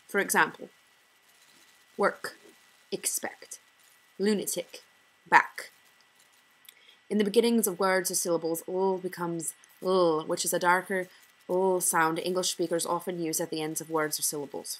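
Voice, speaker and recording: A woman's voice: lowish voice, fairly bright tone, breathy edge, poor audio. Young woman reading a dialect presentation. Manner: reads slowly, pausing to demonstrate word examples one by one. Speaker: student presenter.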